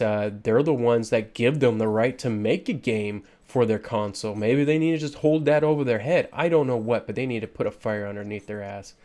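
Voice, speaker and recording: A man's voice: medium pitch, darkish tone. A man giving frustrated, ranting commentary over gameplay footage, with lots of fillers and restarts. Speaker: gaming YouTuber.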